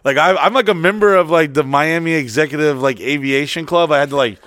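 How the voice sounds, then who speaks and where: A man's voice: a little high, fast talker, a bit bright, no room sound, studio quality. A man chatting casually, telling crude, rambling stories full of swearing. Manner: crude, rambling, profane storytelling. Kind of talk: casual chat.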